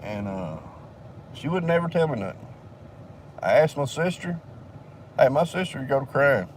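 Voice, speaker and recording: A man's voice: mid-range voice, lively intonation, moderate pace, pauses often, recorded from a distance. Older man, profane rambling storyteller, mic set back, faint car hum. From southern United States. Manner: profane, rambling, drawling, laughs between lines. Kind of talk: casual storytelling.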